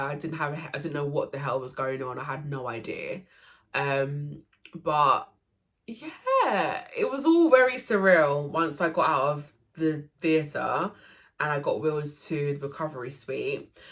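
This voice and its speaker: A young woman with a low voice tells a personal story straight to camera. She speaks casually and with emotion, often restarting her sentences and filling gaps with "like". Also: a bit bright. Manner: emotional, lots of fillers and restarts. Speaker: vlogger.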